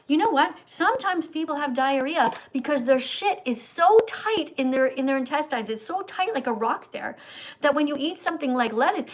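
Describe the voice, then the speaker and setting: A woman's voice: sits high, poor audio. A woman hosting a livestream, answering viewer questions with a preachy, scolding, teacher-like manner. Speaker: vegan livestream host.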